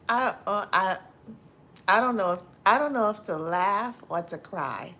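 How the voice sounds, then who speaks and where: Loud-laughing woman chatting on a livestream. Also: mid-range voice, expressive, unhurried, slight background noise. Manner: laughs loudly and often; repeats greetings and phrases. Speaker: livestream host. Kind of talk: casual livestream chat reading comments.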